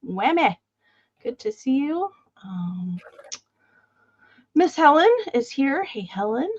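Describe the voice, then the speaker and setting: A woman's voice: high voice, very animated, slow pace, slightly rough, no echo, dull audio. A woman hosting a live online sale, chatting casually and greeting viewers by name. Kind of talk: casual live-stream chat.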